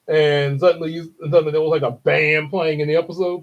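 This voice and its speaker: A man's voice: fairly high pitch, little pitch movement, a little fast. A young man, hosting a casual livestream, rambling with frequent chuckles and fillers. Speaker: livestream host. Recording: dull lo-fi stream audio.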